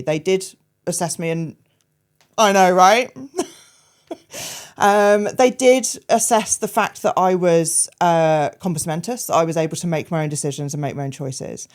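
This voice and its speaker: A woman, a podcast guest telling her personal story frankly, hesitant and full of fillers, with dark humour. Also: fairly low pitch, moderate pace.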